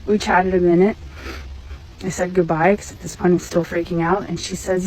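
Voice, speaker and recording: A woman's voice: lowish voice, moderate pace, rough recording. Emphatic woman telling her testimony. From Missouri. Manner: emphatic and animated. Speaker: storyteller sharing a testimony. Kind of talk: personal testimony storytelling.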